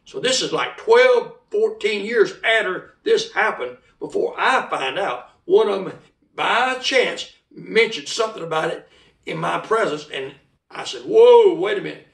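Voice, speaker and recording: A man with a drawl spins a tale in a folksy, animated way, acting out the voices of the people in it. His voice sits high and swings widely, with a gravelly rasp. He sounds a little distant from the mic in an echoey room. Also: unhurried. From South Carolina. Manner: folksy, animated, acts out voices in quoted speech. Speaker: storyteller. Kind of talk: casual oral storytelling.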